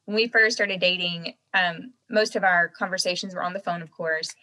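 A young woman with a softened Southern American accent, chatting casually as a guest and laughing often. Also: on the low side, steady tone, normal speed, poor audio. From Southern United States. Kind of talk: casual chat.

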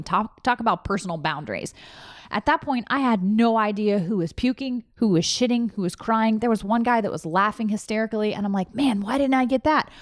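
A woman in her thirties tells a personal story with raw candor, cursing often as she goes. Her voice sits at a middle pitch, and the sound is dry and close with little room echo. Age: 30s. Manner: candid, emotional, swears freely.

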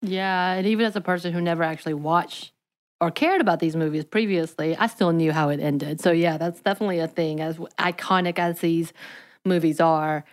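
A woman co-hosts a podcast in casual chat. Her voice sits a little low, and she tells stories with animated energy. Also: a little fast. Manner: animated storyteller. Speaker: podcast co-host.

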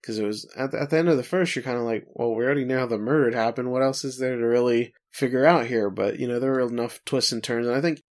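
A man co-hosting a casual podcast, talking in a playful, teasing way with quick asides. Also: mid-range voice. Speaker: podcast co-host.

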